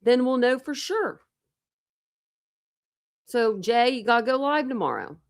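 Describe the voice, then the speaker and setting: A woman's voice: a little high, animated, unhurried, no echo, clean studio sound. A woman chatting casually on a true crime live stream, rambling with lots of fillers and talking to her chat.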